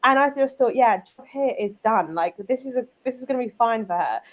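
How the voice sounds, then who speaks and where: Chatty British woman, higher voice. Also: a little fast. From United Kingdom. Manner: lively, chatty, many fillers like "like" and "um". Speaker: guest, business owner and mother. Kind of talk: casual conversational storytelling.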